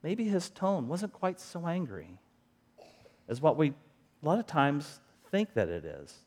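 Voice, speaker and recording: A man's voice: fairly high pitch, huge pitch swings, measured pace, a little mellow. Earnest conversational man preaching. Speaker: pastor. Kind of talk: sermon.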